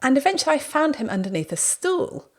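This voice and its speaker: A woman hosting a podcast, telling anecdotes in a lively, casual way. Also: sits high, a little fast. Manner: lively storytelling, acts out quoted speech. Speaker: podcast host.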